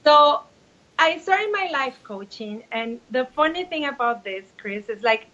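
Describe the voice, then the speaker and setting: A woman's voice: high-pitched, a little slow, highs cut off. Woman in her forties, candid. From Mexico. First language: Spanish. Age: 40s. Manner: open and expressive, many restarts. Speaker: guest life coach. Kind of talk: candid personal storytelling.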